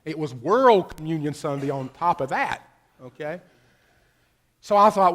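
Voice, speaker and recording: Middle-aged male pastor, slightly high voice, storytelling sermon that swings from loud to hushed. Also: lively intonation, normal speed.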